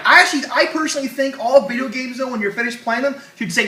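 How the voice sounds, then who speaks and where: A man hosting a comedy show, rambling and joking with loud bursts, in an echoey room. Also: extremely high pitch, fast talker, recorded from a distance. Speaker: comedy podcast host. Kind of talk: casual comedy banter.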